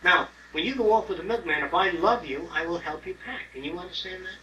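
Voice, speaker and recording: Older male lecturer, bright, edgy voice, picked up from across a roomy hall with faint hiss. Blunt and salty. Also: sits high, animated, fairly quick. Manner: blunt, profane, acts out other people's voices. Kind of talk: informal lecture to an audience. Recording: roomy, distant mic, faint hiss on an old tape.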